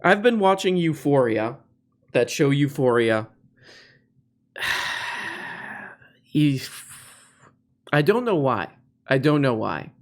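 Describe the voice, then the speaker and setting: A man's voice: mid-range voice, big pitch swings, slow pace, pauses often. A man hosting a podcast, giving casual, sarcastic comedic commentary on video clips. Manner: sarcastic, mocking. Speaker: podcast host.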